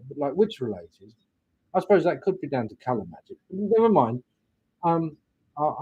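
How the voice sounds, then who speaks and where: A man's voice: a little high, warm tone, slightly rough, lo-fi sound. A man, hosting a casual live stream, chatting and rambling as he greets viewers. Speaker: livestream host, witch doing readings.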